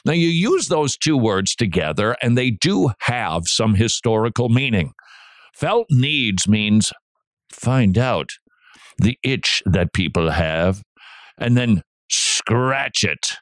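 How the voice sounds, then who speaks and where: Animated middle-aged male radio host. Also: mid-range voice, slow pace, no room sound, clean studio sound. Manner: animated preaching delivery with asides and restarts. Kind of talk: Christian radio talk.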